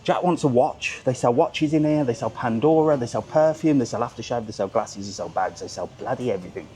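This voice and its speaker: A man's voice: medium pitch, a little fast, warm tone. A middle-aged man vlogging as he walks outdoors, chatty and ranting, swearing freely. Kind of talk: casual walking vlog. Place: outdoors at a seaside market town.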